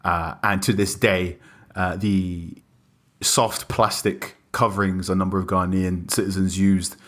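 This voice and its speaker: A man reporting on the line for a sports show, explaining in a measured way with frequent pauses. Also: low-pitched, level tone, fairly bright tone. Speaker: correspondent on the line. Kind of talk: explaining in a conversational interview.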